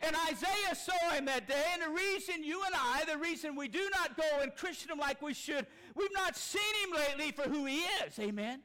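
A man preaching a sermon, folksy and impassioned, rising to shouts. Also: extremely high pitch, normal speed, hardly any pauses. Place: church sanctuary.

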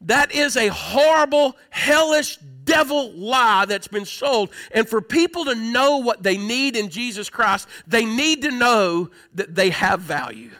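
A man preaching a sermon, swinging between emphatic, forceful peaks and hushed, tender passages. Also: extremely high pitch, expressive, unhurried, few pauses. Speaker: pastor.

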